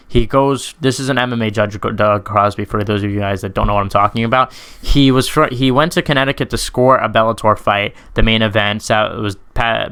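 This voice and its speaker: A man's voice: fairly low pitch, pushed and bright, clean tone. A man commentating on MMA in a casual, unscripted Q&A monologue, rambling and swearing, with many fillers and self-corrections.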